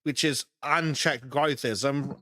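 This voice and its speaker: A man's voice: mid-range voice, fairly even intonation, takes it slowly, bright, forceful tone, no room sound, clean studio sound. A man co-hosting a podcast over an online voice call, talking in a casual, sarcastic way and swearing freely. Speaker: podcast co-host. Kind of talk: casual chat.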